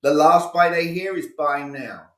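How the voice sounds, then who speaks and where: A man's voice: fairly high pitch, a little slow, fairly bright tone, echoey room. A male communication coach giving a live online sales training, talking energetically and with emphasis, acting out sales dialogues.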